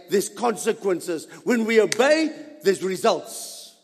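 A man's voice: on the high side, very animated, a little slow, pauses often, big-room sound. A man preaching a sermon as pastor, emphatic and dramatic, dropping suddenly to near whispers.

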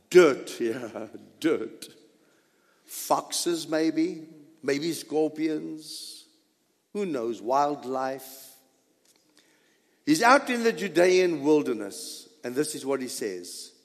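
A male pastor preaching a sermon in a church, animated and exhorting his congregation. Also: fairly high pitch, very slow, long pauses, long reverb tail. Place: church sanctuary.

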